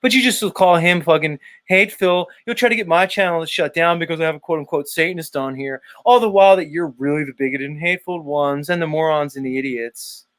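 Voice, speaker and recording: A man's voice: on the high side, fast talker, few pauses, fairly bright tone, no room sound. A man hosting a livestream, ranting sarcastically with a lot of swearing and casual banter with his co-host.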